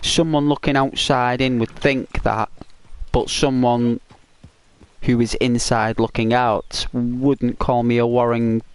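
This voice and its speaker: A man's voice: mid-range voice, level tone, slow, clear, resonant tone. A man with a Northwest English accent, a gaming YouTuber chatting casually with viewers while playing, rambling and teasing. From Northwest England. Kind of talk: casual chat with viewers during gameplay.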